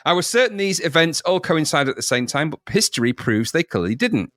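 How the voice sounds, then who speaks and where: A man's voice: on the high side, very animated, fairly quick, fairly bright tone, dry recording, studio quality. Playful man reading listener mail. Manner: playful, jokey reader. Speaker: podcast host. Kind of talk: casual podcast chat, reading listener mail.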